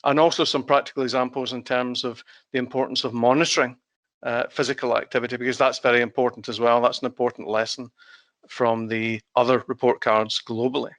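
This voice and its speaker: A man with a Scottish accent giving an online conference presentation as a guest expert over a video call, measured and with frequent hesitations. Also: medium pitch, flat delivery, a bit bright, no echo. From Scotland.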